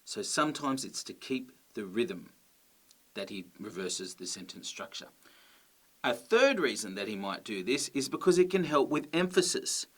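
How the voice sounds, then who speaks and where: A man teaching a grammar lesson, explaining clearly and patiently and checking in with his listeners. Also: mid-range voice, lively intonation, moderate pace.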